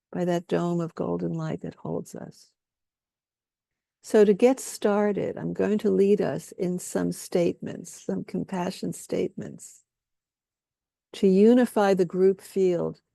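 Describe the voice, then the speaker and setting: Woman workshop leader, calm guided-healing delivery, dry close sound, lowish pitch. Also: gravelly, no echo. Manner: slow, soothing, leads repeated statements.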